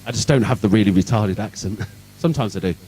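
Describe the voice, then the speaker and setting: A man's voice: on the low side, fast, mellow, breathy edge, recorded from a distance, low-quality recording. A man from Birmingham with a Birmingham accent, giving an irreverent, sarcastic conference talk on security and swearing freely. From England, Birmingham. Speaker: conference speaker. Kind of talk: sweary comic tech talk. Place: event hall.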